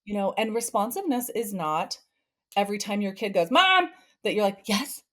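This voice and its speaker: Animated woman therapist acting out scenes. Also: mid-range voice, a little fast. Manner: animated, acts out family scenes with playful voice shifts. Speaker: therapist and podcast guest. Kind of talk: conversational parenting advice.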